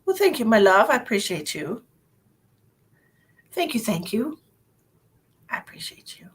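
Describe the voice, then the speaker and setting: Husky-voiced woman chatting on a live stream. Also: on the high side, very animated, measured pace. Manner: chatty, rambling, affectionate toward viewers, many fillers. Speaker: psychic medium hosting live readings. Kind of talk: casual live-stream chat.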